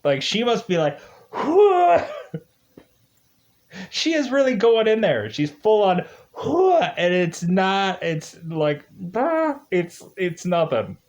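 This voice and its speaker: A man giving casual, rambling commentary on a mobile game he's playing, chatty and quick to laugh. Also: high voice, expressive. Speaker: gaming video host. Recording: dull lo-fi recording.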